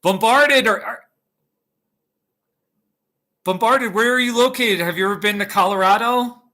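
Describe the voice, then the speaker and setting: A man's voice: sits high, measured pace, bright, forceful tone. A man hosting a casual live stream from his home kitchen, rambling and laughing often as he chats with viewers. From United States. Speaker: YouTube host.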